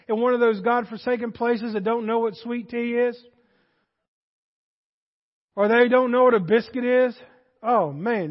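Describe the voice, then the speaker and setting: A Southern American man preaches from the pulpit, folksy and then emphatic. His voice sits very high for a man. The recording is dull and lo-fi, with a long reverb from a church hall. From Southern United States. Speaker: pastor. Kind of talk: sermon. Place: church sanctuary.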